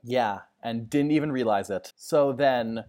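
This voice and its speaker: A man in easy, casual conversation on a fan podcast, mid-pitched and ordinary. He rambles and corrects himself mid-thought. He drops deadpan jokes as he goes. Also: measured pace. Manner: rambling, self-correcting, jokey.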